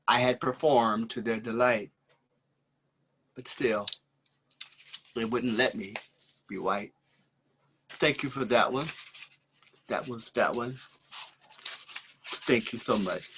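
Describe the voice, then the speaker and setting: A man's voice: mid-range voice, slow, pauses often, pushed and bright, a little hiss or hum. A man in his sixties performing spoken-word poetry over a video call, with a rhythmic, swinging delivery and many ums between poems. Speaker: performing poet. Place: home, indoors.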